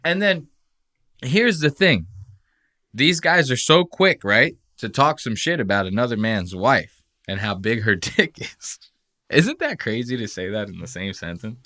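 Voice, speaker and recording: A man hosting a podcast, reacting to clips in casual, profane commentary and mocking the people he quotes with quick impressions. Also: medium pitch, big pitch swings, sharp tone. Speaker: podcast host.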